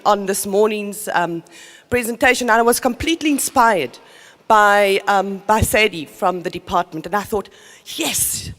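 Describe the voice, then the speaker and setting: Earnest woman speaking in a hall. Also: mid-range voice. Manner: earnest, energetic, self-interrupting. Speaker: community development worker. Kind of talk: conference talk. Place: conference hall. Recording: long reverb of a conference hall.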